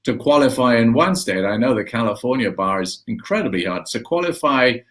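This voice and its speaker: A man in casual conversation tells anecdotes in a relaxed, playful way. He drops into quick imitations and laughs along. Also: mid-range voice. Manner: storytelling, mimics voices, laughs often. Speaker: host and actor. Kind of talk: casual chat.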